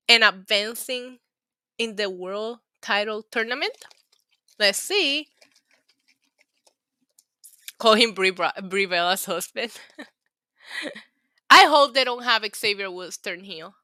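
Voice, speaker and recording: A woman's voice: a little high, expressive, a little slow, sharp tone, no room sound. A woman from New York City hosting a casual livestream, chatting, laughing often and reading the chat aloud. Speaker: livestream host.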